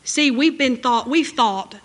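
A woman preaching a sermon in a fairly high voice. She talks conversationally, with frequent asides, and reads scripture aloud. On key points her pitch leaps up emphatically. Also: slow pace. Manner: conversational asides, 'you know'.

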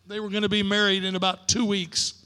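An older man preaching a sermon as pastor, in a preacher's cadence that builds to shouted declarations. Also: sits high, completely flat delivery, a little fast, long reverb tail. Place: church sanctuary.

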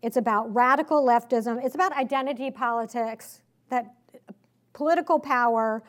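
A woman with a slight Southern accent addresses a live audience in a conference hall with a political speech, emphatic, sarcastic and packed with rhetorical questions. Her voice is a little high and moves at normal speed.

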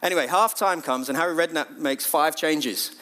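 This is a middle-aged man with a high voice, preaching to his church. He talks in an easy, conversational way and often lifts his voice to act out what other people say. His tone stays lively and chatty throughout. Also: normal speed. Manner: lively, conversational, acts out quotes in a raised voice. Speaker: church leader. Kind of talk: sermon.

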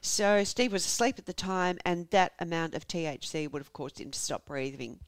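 A woman's voice: on the low side, moderate pace, smooth, no room sound. An Australian woman hosting a podcast, retelling a true-crime case in a chatty, jokey way. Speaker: podcast host. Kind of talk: casual true-crime storytelling.

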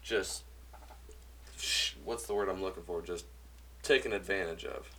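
A man's voice: low voice, steady tone, a little slow, sharp tone, breathy edge. A man in casual podcast chat, blunt and swearing, musing aloud about people.

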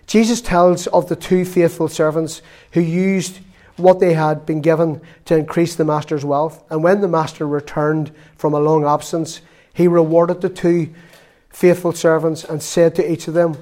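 A man's voice: fairly high pitch, flat delivery, normal speed, a little mellow. A middle-aged man with a Northern Irish accent preaching a sermon, telling earnest stories full of quoted dialogue. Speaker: lay preacher.

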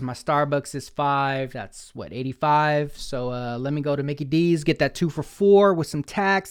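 A man's voice: on the high side, smooth. A young man giving a casual, conversational sermon as a pastor, playful and chatty, with asides to himself.

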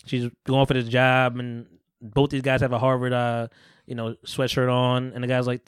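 A man's voice: medium pitch, moderate pace, smooth, no room sound, clean studio sound. A man casually retelling a movie plot on a podcast, acting out the characters' lines with slang and swearing. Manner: animated, acts out quoted dialogue with profanity and slang. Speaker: podcast host.

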